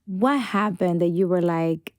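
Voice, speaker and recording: A woman's voice: fairly low pitch, measured pace, smooth. A woman hosting a podcast, asking her guest probing questions in a casual, supportive way. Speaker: podcast host. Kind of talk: casual interview chat.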